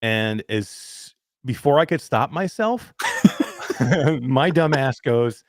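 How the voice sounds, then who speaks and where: A man's voice: mid-range voice, huge pitch swings, slow pace, dry recording, clean studio sound. A man co-hosting a casual talk show, telling stories in a rambling way with lots of fillers and laughing at himself. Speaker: podcast co-host. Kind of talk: casual chat.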